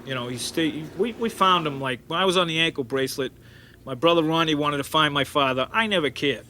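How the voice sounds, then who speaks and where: A middle-aged man tells rambling, animated stories in an interview and keeps restarting his sentences. His voice is bright and forceful and sits slightly high. A faint room ambience sits behind him. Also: brisk, a little hiss or hum. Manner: rambling and animated, with frequent restarts and acted-out quotes. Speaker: interview guest. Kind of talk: storytelling interview.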